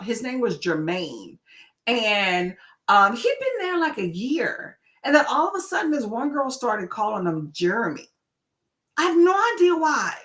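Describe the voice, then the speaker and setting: A woman chats to her viewers in a bright, clear voice. Her pitch swings up and down as she tells stories with lively energy. She sounds casual and talkative. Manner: animated, chatty storytelling. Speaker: livestream host; nurse.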